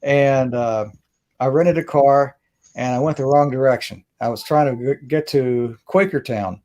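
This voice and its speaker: A man's voice: mid-range voice, a little slow, warm tone, highs cut off. A man from Mississippi, hosting a casual video call and telling a rambling, self-interrupting story with laughs. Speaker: host. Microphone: webcam or phone on video call.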